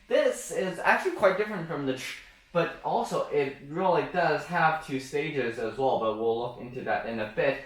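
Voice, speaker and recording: A man's voice: fairly high pitch, far from the mic. Young guy, chatty pronunciation lesson, lots of uh and you know, roomy echo, sits back from the mic. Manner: chatty, self-joking, many fillers. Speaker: language teacher. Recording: very echoey room, off the mic.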